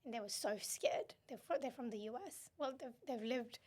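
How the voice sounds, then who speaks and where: A young adult woman from Myanmar, a guest in a podcast interview, telling her story in an animated way, laughing often and acting out what others said. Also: a little high, slightly rough. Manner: animated storytelling, quick laughs, acts out quotes. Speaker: guest, human rights activist.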